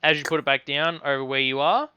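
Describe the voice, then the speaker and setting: A man narrating a tabletop game as game master, relaxed and halting, with many fillers. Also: fairly high pitch, clean tone, no echo, highs cut off.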